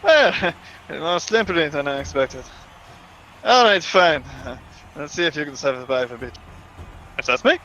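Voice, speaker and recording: A man's voice: on the high side, moderate pace, pauses often, bright, forceful tone. A man playing a tabletop game, narrating his character's actions in first person. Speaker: player. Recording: dull lo-fi mic with faint noise.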